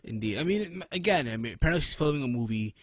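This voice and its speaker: A man hosting a casual wrestling podcast, animated and profane, who keeps tossing in "right?" between points. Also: medium pitch, fast talker, no room sound, studio quality. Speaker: podcast host.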